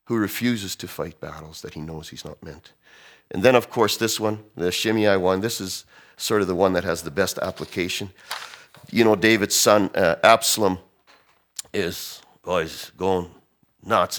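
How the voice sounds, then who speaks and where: A man preaching a sermon, animated, swinging from loud emphasis to hushed tones as he acts out quotes. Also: low voice. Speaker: pastor.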